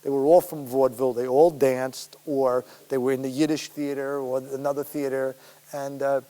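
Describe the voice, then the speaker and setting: A man who is a guest actor, telling rambling, animated anecdotes at a public Q&A, laughing and swearing as he goes. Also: medium pitch, moderate pace. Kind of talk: storytelling in a public Q&A. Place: school auditorium. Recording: echoey hall with faint hiss.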